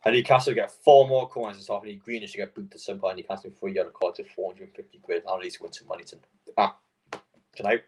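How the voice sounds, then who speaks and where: Husky young man, swearing streamer. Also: lowish voice, fairly even intonation, fast talker, darkish tone. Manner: frustrated, swearing, rambling with fillers. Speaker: live stream host. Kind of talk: casual football watchalong chat.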